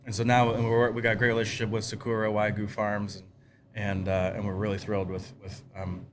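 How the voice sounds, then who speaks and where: A man's voice: lowish voice, fairly quick. Man, charcuterie maker, easygoing explainer, casual talk, slight noise under the voice. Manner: relaxed, friendly explaining with many restarts. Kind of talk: casual conversation.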